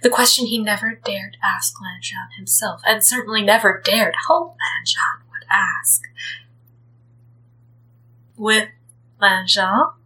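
A woman reading a story aloud as narrator, gentle and expressive. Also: mid-range voice, a little slow, hardly any pauses, rough recording. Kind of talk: reading fan fiction aloud.

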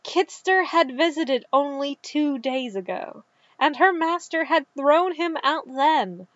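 Calm woman narrator, slow measured reading, dull dry recording. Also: high voice, dry recording. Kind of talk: scripted narration.

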